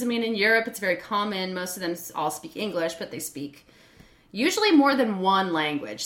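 A woman's voice: medium pitch, a bit bright. An American woman chatting casually on her own show, rambling and restarting as she reads out viewer messages and laughs along. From United States. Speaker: streamer reading viewer messages.

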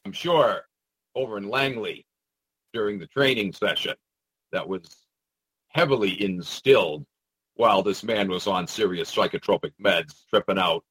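A man's voice: fairly low pitch, unhurried, pauses often, fairly bright tone, husky, dry recording, rough recording. A man talking in a sarcastic, rambling monologue, with mocking asides and frequent hesitations. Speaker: commentator. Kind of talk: casual monologue commentary.

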